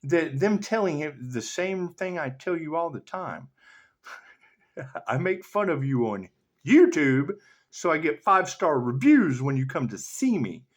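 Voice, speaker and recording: Animated, profanity-laced man rambling. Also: on the high side, a little slow. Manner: profane, laughs often, swings between loud and muttered. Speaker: tarot reader. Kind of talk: rambling spiritual monologue.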